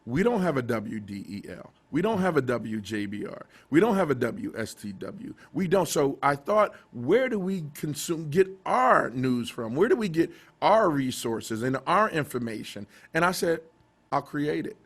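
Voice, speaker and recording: A middle-aged man, a TV station director, telling stories in a casual interview, animated and laughing, with many restarts. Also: on the high side, normal speed, few pauses.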